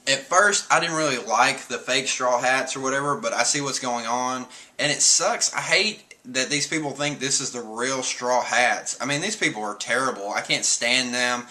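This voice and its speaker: A man recaps a comic chapter for his stream in loose, rambling chat, chuckling as he goes and dropping casual swears. His voice sits at an ordinary pitch for a man but has a very bright, sharp edge. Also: moderate pace, few pauses.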